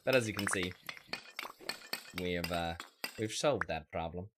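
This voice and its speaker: A man streaming a survival game rambles wryly and chats with his viewers as casual gameplay commentary. His voice is deep and a little slow, with background noise behind it.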